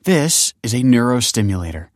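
A man's voice: medium pitch, big pitch swings, moderate pace, no room sound, clean studio sound, pitched above the performer's own voice, natural voice. A man voicing a composed young woman official who explains things in a precise, formal way.

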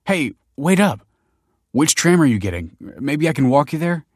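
A man's voice: on the high side, very animated, normal speed, no room sound, studio quality, voice pushed up. A man voicing an earnest, troubled young man who talks in a glum, self-deprecating way.

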